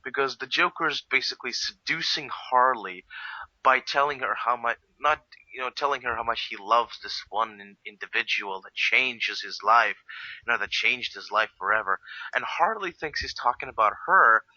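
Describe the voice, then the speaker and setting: A man with a very bright, sharp voice rambles through a casual game review chat, piling up filler words as he goes. The recording is dry and close, with a dull, lo-fi edge. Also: medium pitch, moderate pace, no echo. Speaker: co-host.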